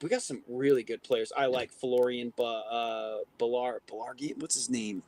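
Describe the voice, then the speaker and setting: A man's voice: mid-range voice, fairly even intonation, moderate pace, darkish tone, a little hiss or hum. A man co-hosting a casual livestream chat, talking crudely and swearing often. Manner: crude, profane, laughing often. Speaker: podcast co-host.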